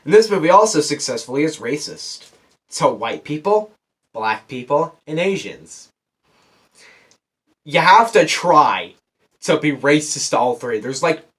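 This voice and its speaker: A man's voice: mid-range voice, fairly bright tone. A young man giving a casual video movie review, ranting with sarcastic exasperation. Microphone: camera on a desk.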